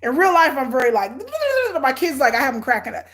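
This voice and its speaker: A middle-aged woman giving blunt, sarcastic, animated commentary on a reality show she is watching. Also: high voice, brisk. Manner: hyperactive and energetic. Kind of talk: casual live watch-along commentary.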